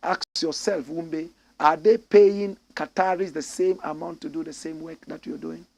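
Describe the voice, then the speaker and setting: A man's voice: a little high, steady tone, normal speed, creaky. A middle-aged Ghanaian man hosting a show, reading out viewer comments with impassioned, swinging delivery. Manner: impassioned, swings between loud declarations and sighing asides.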